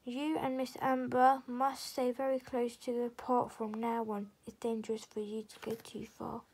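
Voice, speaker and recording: A woman voicing a loyal male frog guardian who croaks his words, in a storybook reading. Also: fairly high pitch, level tone, moderate pace, a little mellow. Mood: urgent.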